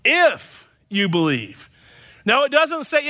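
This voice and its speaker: A man's voice: extremely high pitch, huge pitch swings, slow pace, pushed and bright. A man preaching a sermon as pastor, emphatic and repetitive, often tossing in "you know".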